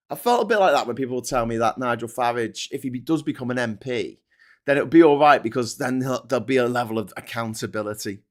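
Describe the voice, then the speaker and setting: A middle-aged man with a Liverpool accent hosting a show, ranting sarcastically about politics, swearing and restarting his sentences. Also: medium pitch. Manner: sarcastic, swears freely, mocks people in put-on voices; stammering restarts. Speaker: show host.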